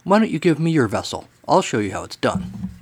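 A man's voice: mid-range voice, big pitch swings, brisk, a little mellow, slightly rough. A man voicing a smug, lazy male sea serpent who taunts in a raised voice. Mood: taunting. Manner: taunting, mocking.

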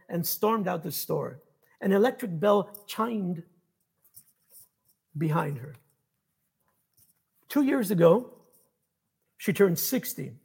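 A male author reading his own fiction aloud in a measured storytelling manner. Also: high voice, expressive, creaky, darkish tone, breathy edge.

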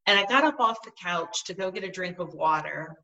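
A middle-aged woman telling a personal story in conversation, earnest and halting, often restarting her sentences. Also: on the low side, expressive, bright, forceful tone, far from the mic, lo-fi sound. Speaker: guest.

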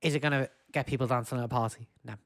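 A man with a Northern English accent talks casually on a podcast, his thoughts rambling and his sentences full of hesitations. His voice sits in an ordinary middle pitch. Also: steady tone, very fast. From Wigan, England. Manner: chatty, rambling, hesitant with fillers. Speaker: podcast co-host. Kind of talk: casual chat.

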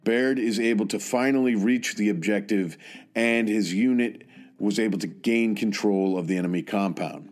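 A man narrating a tribute in an earnest, measured and solemn way, with some hesitant asides. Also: fairly low pitch, darkish tone. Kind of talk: scripted narration.

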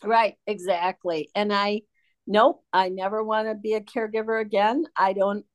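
A woman's voice: mid-range voice, flat delivery, normal speed. A middle-aged woman from Michigan, a guest telling her story in a frank, blunt, sardonic conversational way. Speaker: interview guest.

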